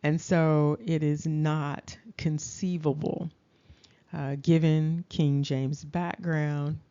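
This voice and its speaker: A woman talks through a lecture at a slow, measured pace. Her voice is warm and dark in tone, and she checks in with her audience as she goes. The recording sounds dull and lo-fi. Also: low-pitched, flat delivery. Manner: deliberate, checks in with "okay?". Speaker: lecturer presenting slides.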